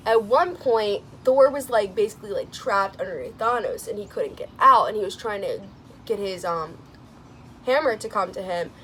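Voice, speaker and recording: Young woman gushing about a movie, super excitable, tons of likes and laughs, average pitch, faint hiss behind her. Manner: gushing and excitable, many "like"s, laughs and sighs, swings into squealing high quotes. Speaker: vlogger reviewing a movie. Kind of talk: casual chat.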